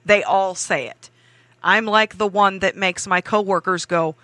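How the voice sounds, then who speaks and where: A man's voice: sits high, steady tone, unhurried, pushed and bright, no room sound. A man in a casual podcast chat, speaking bluntly and directly.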